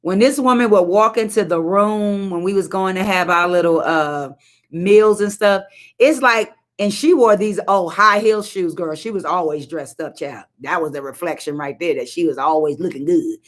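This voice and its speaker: A middle-aged woman with a fairly low voice preaches a live-streamed sermon at normal speed. She is emphatic and repetitive, calling out to her audience with colloquial, sassy asides.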